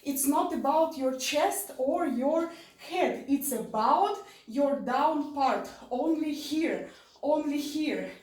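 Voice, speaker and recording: Dance instructor, woman, high voice, slow and deliberate, mic set back in an echoey studio. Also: a little mellow, far from the mic. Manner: repetitive coaching cues, counting beats. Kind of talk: online dance class instruction.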